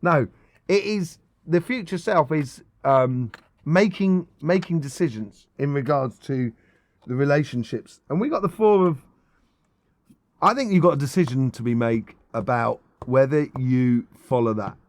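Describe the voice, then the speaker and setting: A man's voice: medium pitch, animated, a little slow, dry recording. A middle-aged man giving a casual tarot reading, enthusiastic and rambling, with many ums and restarts. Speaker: tarot reader.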